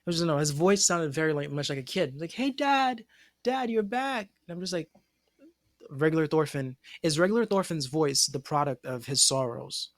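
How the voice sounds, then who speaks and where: A man's voice: on the high side, a little fast, no room sound, studio quality. Hesitant man musing on podcast. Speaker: anime discussion podcast co-host. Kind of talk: casual chat.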